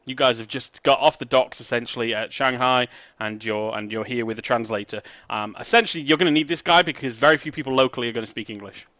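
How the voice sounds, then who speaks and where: A man's voice: mid-range voice, quick pace, hardly any pauses, pushed and bright, no room sound. A man narrating as game master in a tabletop game, chatty and laughing often, with hesitant fillers.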